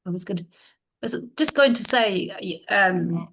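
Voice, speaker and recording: A woman's voice: medium pitch, lively intonation, moderate pace, a bit bright, a little hiss or hum. A woman with a mid-range voice co-hosts a group video call through a computer mic. She thanks each speaker in a friendly way and moves the conversation forward. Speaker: co-host.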